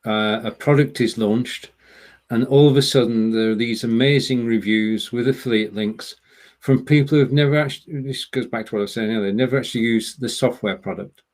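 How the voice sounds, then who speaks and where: Brief: male host, mid-pitched, lays out ideas calmly on a video call. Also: brisk. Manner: explains points steadily and builds on others' remarks. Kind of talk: casual discussion.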